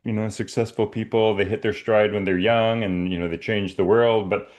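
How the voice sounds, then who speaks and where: A middle-aged man from Canada sits in as a guest writer on a talk show. His voice sits a bit low, and he hesitates, restarts and pokes fun at himself. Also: steady tone, normal speed, darkish tone, highs cut off. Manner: hesitant, laughing, self-deprecating. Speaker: guest, science fiction writer. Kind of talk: casual roundtable chat.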